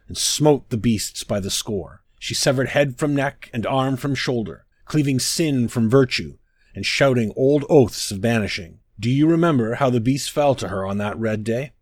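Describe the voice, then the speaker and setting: A man's voice: mid-range voice, a little mellow, no room sound. A man giving a solemn, declamatory scripted reading of an old sermon. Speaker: narrator.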